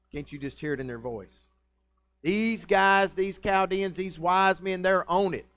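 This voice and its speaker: A man preaches a sermon in a church. He is conversational and folksy, and he keeps checking in with his listeners. His voice sits slightly high for a man. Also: unhurried, fairly bright tone, smooth, no room sound. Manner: conversational, folksy, asks the congregation questions. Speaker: pastor. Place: church sanctuary.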